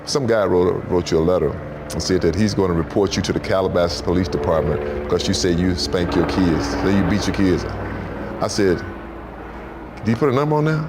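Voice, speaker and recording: A man telling stories on a talk show, in an animated, repetitive way, jumping into high voices for quotes. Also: fairly quick, background noise. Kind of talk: storytelling talk-show chat.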